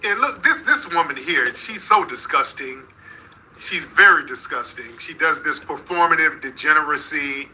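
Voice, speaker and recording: A man's voice: fairly high pitch, lively intonation, normal speed, sharp tone, slight background noise, poor audio. A man from North Texas hosting a reaction commentary, talking bluntly and heatedly straight to his viewers. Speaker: commentary channel host.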